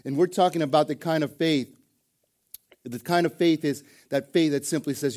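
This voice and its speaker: A man's voice: on the high side, normal speed, a little mellow. Folksy joking pastor, a man. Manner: folksy storytelling with jokes, repeated starts and "man". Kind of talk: sermon. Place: church service before a congregation.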